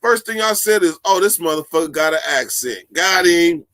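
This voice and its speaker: A man hosting a casual live stream, telling stories in a loose, profane, animated way and laughing often. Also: on the high side, moderate pace.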